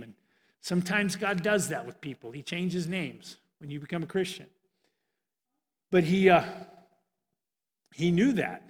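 A male preacher retelling a Bible story in an animated sermon, often restarting his sentences, in a church. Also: high voice. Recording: reverberant hall.

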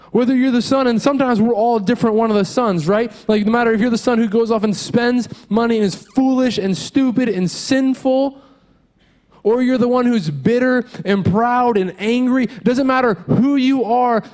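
A man in his thirties preaching a sermon as a pastor, earnest and conversational, mixing quick asides with slow emphatic lines. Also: extremely high pitch, a little mellow.

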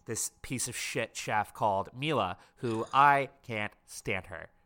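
A man's voice: lowish voice, bright, forceful tone. A man co-hosting a casual reality-TV recap chat, gossipy and opinionated. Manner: gossipy, opinionated, quick to laugh. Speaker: podcast co-host.

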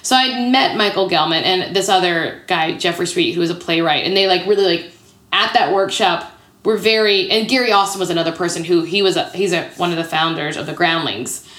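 A woman's voice: on the low side, fairly quick, a bit bright. A woman in her thirties, an improv comedian telling stories as an interview guest in a chatty way, full of "like". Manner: chatty, peppered with "like". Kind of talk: casual storytelling interview. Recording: roomy echo.

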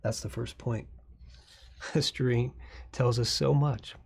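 Man, husky gravelly pastor, earnest conversational sermon delivery, loose with fillers. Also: medium pitch, fairly even intonation, takes it slowly. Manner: earnest, conversational preaching with frequent fillers and restarts.

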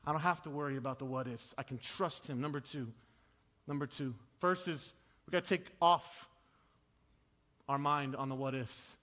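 Male pastor, animated sermon delivery, high voice, bright forceful tone. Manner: animated, swings from loud and high to low and quiet.

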